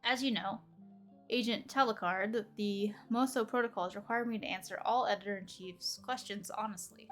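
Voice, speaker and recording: A woman's voice: medium pitch, normal speed, a bit bright, close to an everyday voice. Girl reading out a polite little drone helper, formal, faint music under it. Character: polite robotic investigator drone assistant.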